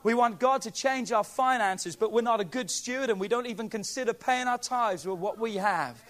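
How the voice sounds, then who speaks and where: A man preaching a sermon as pastor, emphatic and pleading, swinging from quiet asides to near shouts. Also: extremely high pitch, normal speed.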